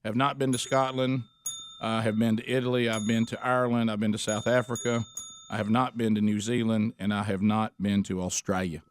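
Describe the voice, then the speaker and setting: A man's voice: fairly low pitch, little pitch movement, fairly quick. A man, co-hosting a radio talk show, who reasons things out aloud in casual chat.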